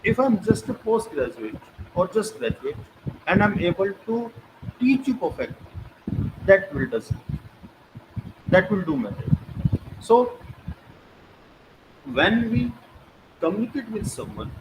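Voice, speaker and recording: A man's voice: sits high, sing-song, unhurried, pauses often. A man with an Indian English accent giving an online lecture as a teacher, emphatic, posing rhetorical questions and repeating key phrases. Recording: noisy recording with clicks.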